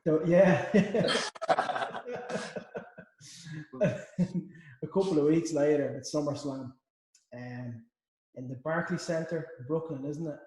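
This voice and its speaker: An Irish man hosting a casual interview, easygoing and quick to chuckle as he prompts his guest. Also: fairly high pitch, a little mellow, a little hiss or hum. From Ireland. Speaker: host. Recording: very echoey room.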